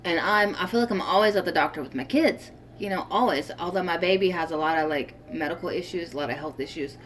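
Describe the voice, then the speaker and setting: A young woman chatting casually in a vlog, her voice sitting a little low for a woman. She rambles, circles back and fills gaps with ums and likes. A faint background noise runs under the recording. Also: fast talker. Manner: chatty, rambling, with many fillers and restarts. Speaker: vlogger.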